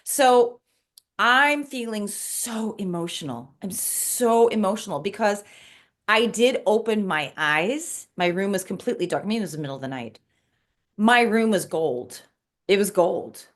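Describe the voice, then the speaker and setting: A woman's voice: mid-range voice, expressive, unhurried. A middle-aged woman in casual conversation, earnestly recounting a spiritual dream with emotion and many restarts.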